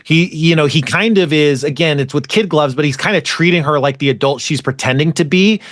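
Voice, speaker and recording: A man's voice: fairly high pitch, fairly quick, a bit bright, no echo. Rambling man recapping in a dry room. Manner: rambling, filler-heavy retelling with restarts. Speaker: podcast host recapping an anime. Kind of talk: casual chat.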